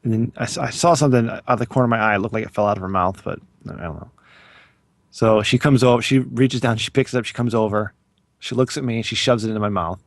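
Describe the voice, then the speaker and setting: A man in his thirties with a gravelly edge, talking in relaxed podcast chat. His humor is dry and self-deprecating, his pitch sits mid-range, and the sound is close and dry with no room around it. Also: quick pace, no room sound. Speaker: podcast co-host. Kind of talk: casual chat.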